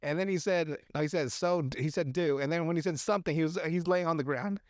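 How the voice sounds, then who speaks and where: A man on a podcast casually recapping a movie, profane and animated, acting out the characters' lines as he goes. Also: on the high side, fast, dry recording, studio quality. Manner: profane, animated retelling with acted-out quotes. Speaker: podcast host.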